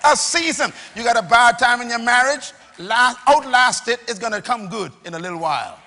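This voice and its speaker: A man preaching a sermon to a live congregation, rousing them into call-and-response with bursts of shouting, recorded in a large church hall. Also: extremely high pitch, brisk. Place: church or auditorium. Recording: long reverb of a large hall.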